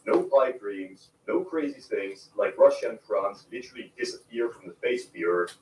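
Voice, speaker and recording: A man reading a scripted narration for a history video in a measured, explanatory way. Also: on the low side, animated, a little mellow, roomy sound, recorded from a distance, poor audio.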